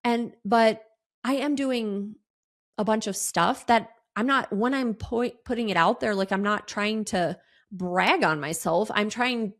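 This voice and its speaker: A woman, hosting a solo podcast and talking candidly in a rambling way, full of fillers, restarts and lively quoted asides. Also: a little slow. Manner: animated quoted asides in a higher voice. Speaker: podcast host.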